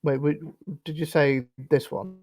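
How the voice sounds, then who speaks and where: A man narrating as dungeon master in a relaxed, rambling way, full of fillers. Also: fairly high pitch, unhurried, no room sound. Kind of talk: narrating a tabletop game.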